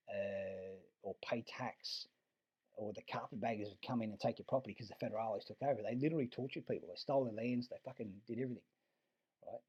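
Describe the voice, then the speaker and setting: A man's voice: medium pitch, slightly rough, highs cut off. A man with an Australian accent telling a long, rambling story in a casual monologue, swearing freely and restarting his sentences often. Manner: rambling and profane, many restarts.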